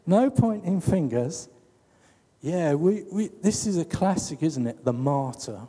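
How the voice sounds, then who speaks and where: Brief: man giving a chatty sermon, slow and lively in pitch, echoing hall. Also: slightly rough. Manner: conversational preaching with rhetorical questions. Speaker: preacher.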